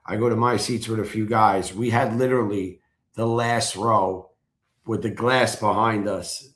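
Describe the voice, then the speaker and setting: A man in casual chat, excitedly telling a story and acting out his own shouted chants. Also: on the low side, a little slow. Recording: roomy echo.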